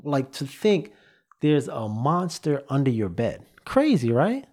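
Speaking into a studio mic, a man hosting his own podcast gives his listeners a loose, repetitive motivational talk, sounding a little out of breath. His mid-range voice is darkish and swings widely in pitch, and he takes his time.

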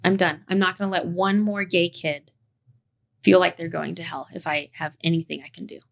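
Woman podcast host, gravelly voice, impassioned, heated, cusses. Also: fairly low pitch, steady tone, normal speed. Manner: passionate, impassioned rant with cussing.

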